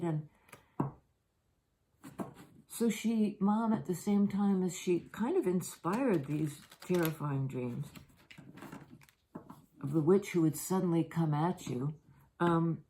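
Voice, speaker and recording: An older woman and grandmother giving a tarot reading, talking in a soft, meandering, personal way with many fillers. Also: on the low side, takes it slowly, long pauses, low-quality recording. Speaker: tarot reader. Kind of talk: reflective spoken reading. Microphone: handheld or propped camera.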